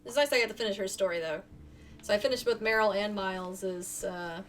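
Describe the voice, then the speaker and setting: A woman's voice: mid-range voice, fairly quick, recorded from a distance. A woman streaming a video game, chatting in a playful, self-mocking way as she plays. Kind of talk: casual gameplay chat.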